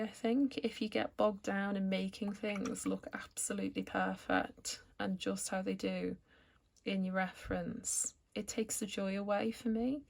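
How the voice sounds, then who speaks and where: A woman calmly explaining each step of a watercolour painting as she works, as an art tutor. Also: mid-range voice, creaky. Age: adult, returned to art after school years. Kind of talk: painting tutorial narration while working.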